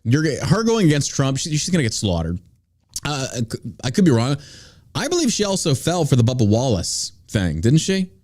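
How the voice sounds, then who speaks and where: A man's voice: medium pitch, huge pitch swings, a little fast, darkish tone. A man hosting a podcast, ranting through political commentary in a heated, profane way. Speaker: podcast host.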